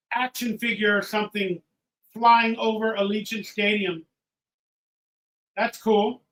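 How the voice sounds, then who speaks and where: A tipsy man hosting a live watch-party stream, ranting and swearing, swinging from loud outbursts to low mutters. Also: little pitch movement, a little slow, long pauses, low-quality recording. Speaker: livestream host. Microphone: headphones with mic.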